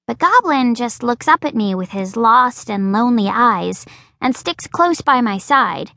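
Lively woman reading a children's story. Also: fairly high pitch, measured pace, creaky, no room sound, studio quality. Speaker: audiobook narrator. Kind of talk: scripted children's narration.

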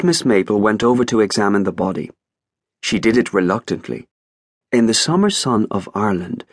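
Expressive male audiobook narrator. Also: on the low side, husky, no room sound, studio quality. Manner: expressive, wry storytelling. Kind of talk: scripted narration.

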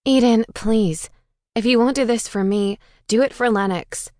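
A woman's voice: a little high, measured pace, dark tone, no echo, clean studio sound, pitched above the performer's own voice, lightly acted. A woman narrator voicing a desperate young woman pleading tearfully on the phone.

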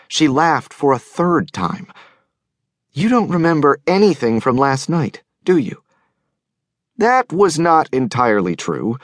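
A man narrating a novel in the first person, with a measured, wry delivery. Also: mid-range voice, no room sound, studio quality. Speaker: audiobook narrator. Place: recording studio.

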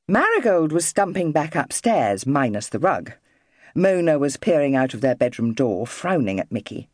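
A woman narrates a children's audiobook with an animated, expressive delivery. Her pitch moves freely, and the recording is dry and close with no room sound. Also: moderate pace, dry recording. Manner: expressive, storytelling.

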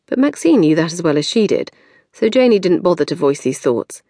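A woman's voice: fairly low pitch, brisk, dry recording. A woman narrating a novel as an audiobook reader, telling the story expressively in a recording studio. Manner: expressive storytelling, varied intonation.

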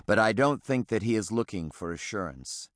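A man narrates an audiobook in the first person, measured and reflective. His low voice moves with lively, varied intonation, and the recording is close and dry. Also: dry recording.

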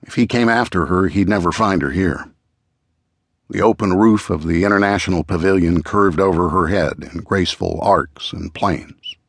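A man narrating a true-crime audiobook in a measured, even storytelling manner, close to a studio mic. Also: low voice, breathy edge, no room sound.

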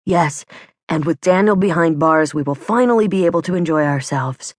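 A woman's voice: deep voice, moderate pace, no echo, clean studio sound. A woman doing a friendly young male hero.

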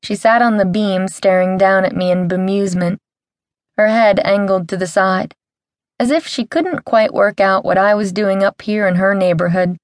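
A woman's voice: mid-range voice, no room sound, clean studio sound. A woman narrating a first-person audiobook in a wry, comic storytelling manner. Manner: wry, comic storytelling with lively character voices.

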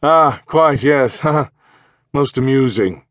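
A man's voice: mid-range voice, expressive, very slow, fairly bright tone, no echo, clean studio sound, pitched above the performer's own voice. A man voicing a pompous, patronizing hotel manager and former major, with a throaty upper-class English accent.

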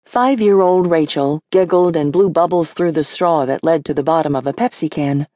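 Low-voiced woman narrating a novel. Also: moderate pace, dark tone, no room sound. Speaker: audiobook narrator. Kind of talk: scripted narration.

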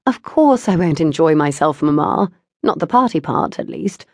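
A woman voicing a bookish, level-headed woman in her twenties who reasons calmly with her mother. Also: deep voice, moderate pace, no echo, clean studio sound. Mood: firm. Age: 20s.

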